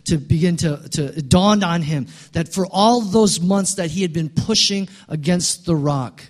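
A male pastor preaching a sermon, building to loud, emphatic peaks and dropping quiet again. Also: high voice, a little slow.

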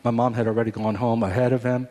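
A pastor in his forties earnestly recounts a personal story as sermon testimony, restarting his sentences often. His mid-range, warm voice stays fairly flat in pitch and moves quickly.

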